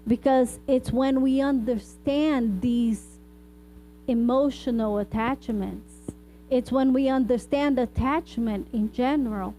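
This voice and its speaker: A woman's voice: fairly high pitch, takes it slowly, warm tone, a little hiss or hum, poor audio. A woman speaker and therapist giving an informal spiritual talk, addressing the audience with frequent asides and rhetorical "right?" questions. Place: hall of a spiritist society.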